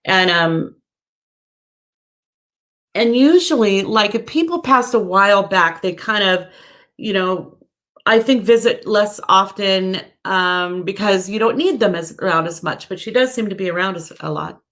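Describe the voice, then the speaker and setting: A woman's voice: mid-range voice, a little slow, fairly bright tone. A woman working as a psychic medium, giving live-stream readings to viewers in a chatty, searching way, with many fillers and self-corrections. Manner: reads viewer comments aloud.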